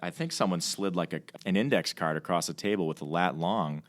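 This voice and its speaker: A man's voice: sits low, fairly quick. A man, a Navy fighter pilot and training officer, telling stories in a casual podcast chat, rambling with many restarts and fillers. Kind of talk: casual conversational storytelling. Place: podcast studio.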